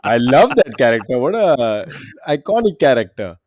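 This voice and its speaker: Animated male quiz podcast host. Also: mid-range voice, normal speed, no echo, muffled recording. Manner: animated, laughs often. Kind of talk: casual quiz chat.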